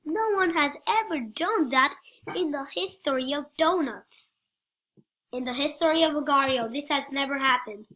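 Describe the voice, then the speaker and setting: A woman's voice: high voice, moderate pace, a bit bright. A woman giving playful, rambling gameplay commentary, joking and talking to the other players.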